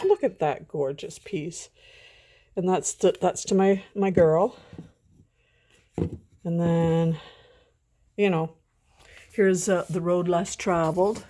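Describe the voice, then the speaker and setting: A woman's voice: lowish voice, warm tone. A middle-aged woman chatting casually at home in a rambling, sentimental vlog. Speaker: vlogger. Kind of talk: casual chat.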